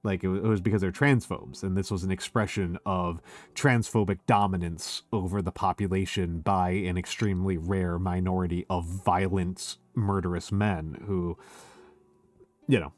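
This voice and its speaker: Tipsy, rambling man with a low voice. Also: steady tone, normal speed. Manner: rambling, emphatic, many "like" fillers. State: tipsy, hiccuping. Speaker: streamer. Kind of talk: casual chat.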